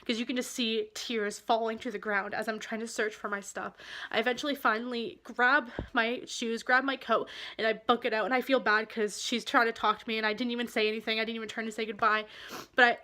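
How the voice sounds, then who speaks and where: A woman vlogger recounting a personal experience straight to the camera. Her voice sits a little high, and she speaks earnestly, pausing and restarting as the feeling catches up with her. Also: flat delivery, pushed and bright. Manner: earnest, halting, emotional. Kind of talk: candid personal storytelling.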